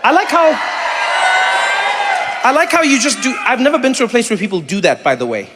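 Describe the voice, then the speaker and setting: A man in his forties from South Africa doing stand-up and crowd work, animated and acting out little voices as he talks, laughing along with the room. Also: very high voice, fairly quick, big-room sound, heavy background noise. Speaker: comedian. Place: comedy venue with a live audience.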